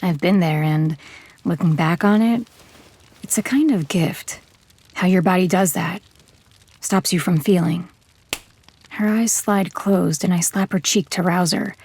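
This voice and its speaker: A gravelly, low-voiced, hard-bitten narrator. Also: female voice, darkish tone. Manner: measured, terse, hard-bitten storytelling. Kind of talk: scripted first-person drama narration.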